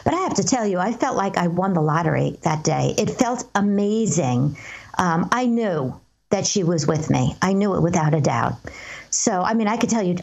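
A woman, a guest medium, answering interview questions and telling stories in a calm, earnest, measured way. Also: lowish voice, gravelly, dull audio.

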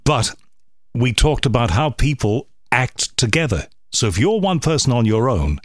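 Male host, chatty and animated with sudden pitch jumps, dry close sound. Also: moderate pace, dry recording. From United Kingdom. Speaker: radio interviewer. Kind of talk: conversational interview.

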